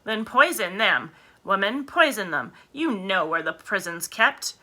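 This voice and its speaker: A woman's voice: medium pitch, lively intonation, unhurried, bright, forceful tone. A woman voicing a bossy farmer's wife in a children's story, impatient and commanding.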